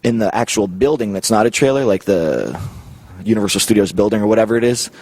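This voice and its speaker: Canadian guy in his 30s telling stories, dry close sound, really animated. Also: on the low side, quick pace, no echo. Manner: animated, laughs a lot, acts out quoted voices. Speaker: guest. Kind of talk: casual storytelling.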